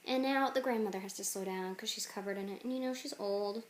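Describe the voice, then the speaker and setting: A woman casually pitching a game idea, rambling with jokey asides. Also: fast, a little hiss or hum. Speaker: channel host.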